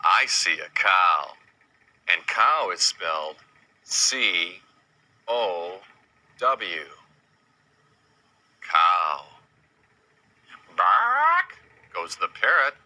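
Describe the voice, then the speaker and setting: A man with a low, bright, ringing voice teaches young children. He speaks very slowly and spells each animal's name letter by letter, his pitch swinging widely as he asks simple questions. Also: wildly swooping pitch, poor audio.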